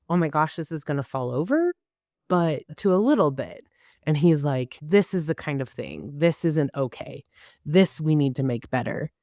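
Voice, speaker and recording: A woman's voice: low voice, no echo, studio quality. A woman in her twenties, a podcast guest, telling travel stories casually and acting out quoted dialogue. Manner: animated, acts out quoted dialogue. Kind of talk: casual storytelling.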